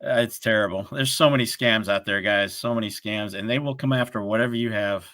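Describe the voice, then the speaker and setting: A man's voice: on the low side, a little fast, no echo. A man co-hosting a casual live stream chat, telling stories and acting out the people in them. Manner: animated storyteller, acts out callers' lines. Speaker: co-host of a livestream show.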